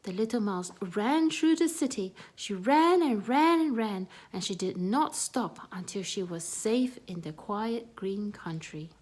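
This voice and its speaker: A woman reading a children's storybook aloud in a soft, gentle manner. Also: medium pitch, animated, measured pace, few pauses.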